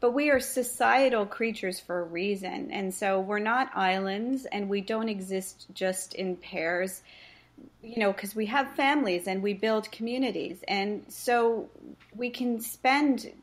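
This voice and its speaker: A woman's voice: mid-range voice, measured pace. A woman face reading practitioner and coach, explaining relationships earnestly in a podcast interview and telling stories about her clients.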